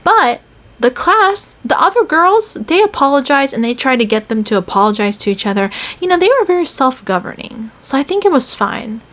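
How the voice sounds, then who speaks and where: A woman's voice: high-pitched, normal speed. A young woman from the United States talking casually about her year teaching English in Korea, telling stories in a chatty way with lots of "like" fillers. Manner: chatty, many "like" fillers, animated storytelling. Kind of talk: casual vlog chat.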